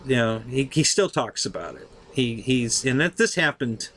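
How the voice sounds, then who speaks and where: A man's voice: mid-range voice, expressive, moderate pace, fairly bright tone, slight background noise. A middle-aged man telling a story casually, laughing often, swearing freely, and acting out what people said. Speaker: show host telling a story.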